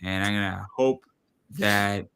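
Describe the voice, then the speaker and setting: Man, show host, easygoing sign-off, crisp tone, bright. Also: fairly low pitch, slow pace. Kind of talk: casual sign-off on a live stream.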